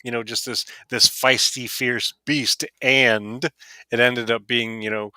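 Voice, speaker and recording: A man's voice: medium pitch, level tone, slow pace, bright, forceful tone, clear, resonant tone, no room sound. A man co-hosting a casual fan podcast, talking with upbeat enthusiasm and frequent restarts. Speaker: podcast co-host. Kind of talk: casual panel chat.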